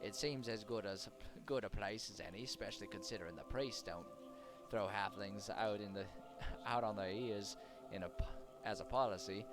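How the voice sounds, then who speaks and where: A man's voice: fairly low pitch, normal speed, lightly acted. A man voicing a boastful, talkative halfling rogue, his accent wavering between British, Irish and Australian. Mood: cocky. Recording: game music behind.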